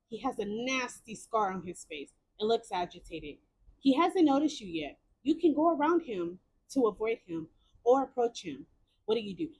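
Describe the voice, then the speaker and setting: A young woman streamer reads a choice-based story game aloud. She breaks off often into excited, exclamatory reactions and repeats words. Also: on the high side, husky.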